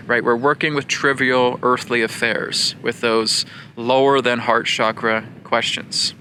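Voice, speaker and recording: A man's voice: mid-range voice, flat delivery, measured pace, sharp tone, a little hiss or hum. A man giving an earnest spiritual lesson, repeating his points and often checking in with his listeners. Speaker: spiritual teacher. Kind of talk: spiritual teaching talk.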